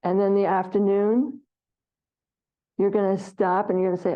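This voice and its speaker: A woman leading a meditation class, speaking gently and reflectively and acting out the inner voices of her students. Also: mid-range voice, level tone, normal speed. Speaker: meditation teacher. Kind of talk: dharma class talk. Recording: dull lo-fi recording.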